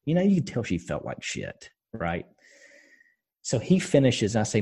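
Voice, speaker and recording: A podcast co-host with a low, husky voice, talking in a loose, casual way. He is blunt and passionate, tells his stories with plenty of swearing, and keeps pressing his point home. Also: very animated, fast, mellow. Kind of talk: casual chat.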